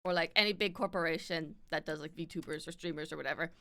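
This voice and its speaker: Bright, smooth North American woman streamer. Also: deep voice, fast talker. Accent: standard North American. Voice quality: slight lisp. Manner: loose, filler-heavy, swears casually. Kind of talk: casual chat with live viewers.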